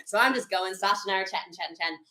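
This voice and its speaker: A woman with a mid-range voice tells a story in an animated, exasperated way, swearing freely. The recording has a roomy echo. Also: medium pitch, rapid-fire, slight background noise. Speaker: retreat leader. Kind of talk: anecdotal storytelling.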